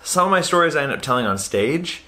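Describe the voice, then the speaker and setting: A young man telling a rambling personal story to camera, acting out what he and his friends said in raised voices. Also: fast talker. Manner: animated, acts out quoted voices loudly and higher. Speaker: comedian and magician telling a story.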